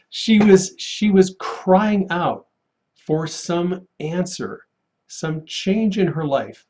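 Animated man telling a story. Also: high-pitched, very slow, pauses often. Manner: animated, laughs often, acts out quoted voices. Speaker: paramedic and guest sharing a testimony. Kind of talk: casual storytelling testimony.

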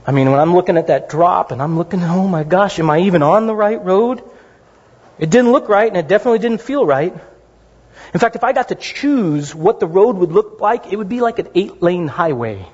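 A middle-aged man preaching a sermon as pastor, conversational and animated, with asides to the congregation. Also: sits high, a little fast, breathy edge. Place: church sanctuary. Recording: dull lo-fi sound in a reverberant hall.

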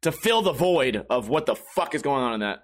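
Here a man with a medium-pitched voice talks a little fast as he rants to his viewers. He's animated and profane, swearing a lot and restarting as he rambles.

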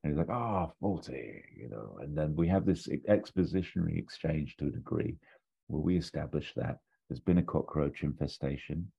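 A man with an extremely deep, dark and husky voice. He chats casually, rambling and restarting his sentences. The recording is dull and lo-fi. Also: normal speed. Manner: rambling, hesitant, many restarts and fillers. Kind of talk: casual chat, pitching a story idea.

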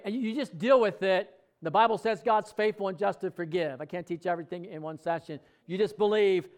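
A man's voice: high voice, a little fast, hardly any pauses, a little mellow. A middle-aged man preaching a sermon in a conversational way, asking the congregation questions and speaking out example prayers. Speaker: pastor.

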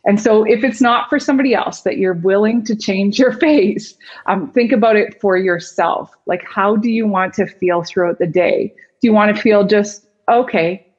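A woman's voice: medium pitch, moderate pace, highs cut off. A woman speaking as a guest expert in a conversational interview, telling stories and acting out the voices of people she quotes. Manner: animated storyteller, acts out quoted voices. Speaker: guest expert on body language.

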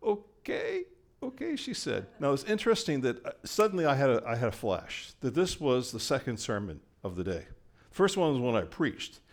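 A man's voice: mid-range voice, fairly quick. Older man preaching a storytelling sermon. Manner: storytelling, animated with voiced quotes. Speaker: pastor.

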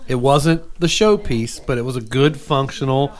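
A man's voice: medium pitch, animated, moderate pace. A man telling a long story in casual chat, rambling, with many restarts and asides.

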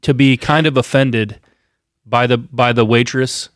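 A man's voice: medium pitch, steady tone, a bit bright, dry recording, clean studio sound. A man co-hosting a podcast, joking and teasing his partner in casual chat. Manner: playful, teasing, talks in quick bursts. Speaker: podcast co-host.

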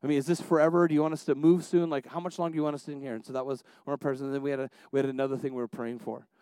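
A man's voice: medium pitch, level tone, very fast, smooth, dry recording. A man preaching a sermon as a pastor, telling family stories with many restarts and building to passionate exhortations. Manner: storytelling, many restarts, swings between soft asides and rising exhortation.

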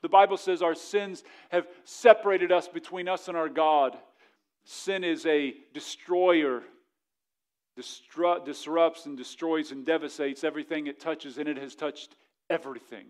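A male pastor preaching a sermon fervently, dropping to a hush and then rising to emphatic points. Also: on the high side, steady tone. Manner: mocking voices of others in quick asides.

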